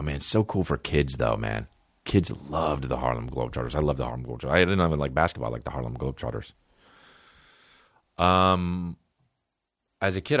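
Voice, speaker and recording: A man hosting a comedy podcast, riffing alone in a profane, rambling, animated way. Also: extremely low pitch, no echo, studio quality.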